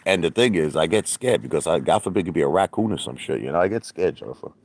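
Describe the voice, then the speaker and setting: A man chatting casually on a livestream, rambling and boastful, sometimes laughing and putting on a mock falsetto. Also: lively intonation, quick pace, darkish tone. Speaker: livestream host. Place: outdoor hot tub at night.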